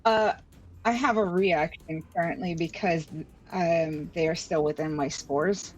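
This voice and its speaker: Woman player, low pitch, thoughtful and hesitant, faint music bed. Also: measured pace, dull audio. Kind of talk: playing a tabletop game.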